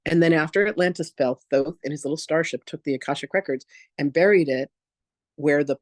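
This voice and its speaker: A man and reverend teaching in an online masterclass, telling personal stories in a candid, animated, casual way. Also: a little high, fairly quick, no room sound, studio quality. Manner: animated, acts out quoted voices, casual and candid.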